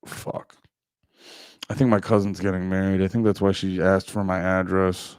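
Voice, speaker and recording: A man's voice: low voice, little pitch movement, moderate pace, darkish tone, clean tone, no echo. Profane, joking male streamer. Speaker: live streamer. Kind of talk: casual live-stream chat with viewers.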